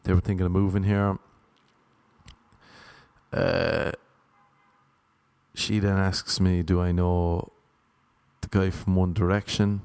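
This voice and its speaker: A man's voice: deep voice, slow, vocal fry, long pauses, clear, resonant tone. Rambling Irish man doing stand-up. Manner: rambling, deadpan self-mocking anecdotes. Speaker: comedian. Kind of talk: stand-up storytelling.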